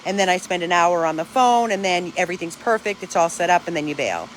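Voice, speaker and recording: A woman's voice: lowish voice, lively intonation, fast talker, slight background noise. Earnest, talkative woman vlogging outdoors. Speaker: dog rescue owner. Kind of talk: casual vlog to followers.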